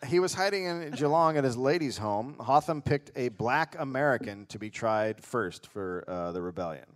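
A man tells a grim history story to a live comedy podcast crowd in a dry, deadpan way, quoting old sources as he goes. His voice sits at an ordinary middle pitch. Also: normal speed. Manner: deadpan storytelling, reading out quotes.

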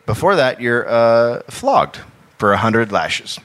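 Male comic podcast host, bright tone, live storytelling, laughing through it. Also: takes it slowly. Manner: laughing, animated, swings pitch for quoted voices. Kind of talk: comedic storytelling. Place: live stage before an audience.

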